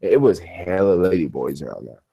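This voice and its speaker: A man's voice: low voice, lively intonation, normal speed, gravelly, mellow, husky. A man chatting casually on a livestream from his hotel bedroom, telling stories in a rambling, slangy way. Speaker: travel vlogger.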